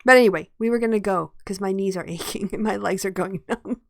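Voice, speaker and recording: A woman's voice: medium pitch, quick pace, creaky, dry recording, clean studio sound. Tired, laughing woman podcast host. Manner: chatty, laughs often. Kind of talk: casual chat.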